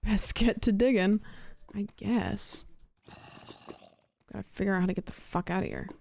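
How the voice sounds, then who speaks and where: A woman's voice: medium pitch, sing-song, moderate pace, creaky, a little mellow, no room sound. A woman streaming a game, chatting casually and swearing as she plays and talks to her chat. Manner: casual and sweary, talking to herself and chat while playing. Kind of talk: casual gaming livestream chat.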